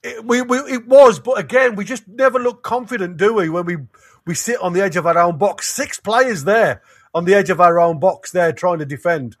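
Excitable high-voiced fan commentator. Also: male voice, no echo, clean studio sound. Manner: excitable, rapid, restarts sentences. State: losing his voice. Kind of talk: partisan live match commentary.

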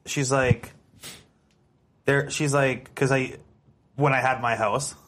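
A man hosting a casual podcast chat, spinning a personal story with lively asides. His voice sits at an ordinary middle pitch. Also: slow pace, slight background noise. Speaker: podcast host.

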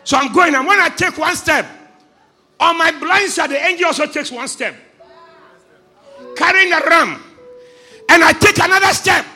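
A man preaching a Sunday sermon, shouting with emphasis and acting out a story with people from the congregation. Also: very high-pitched. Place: church.

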